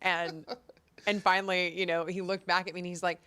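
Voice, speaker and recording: A woman in her thirties co-hosting a casual talk show, telling stories with lively acted-out quotes. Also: lowish voice, a little fast, clean tone. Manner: animated storyteller, acts out quotes. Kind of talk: casual chat.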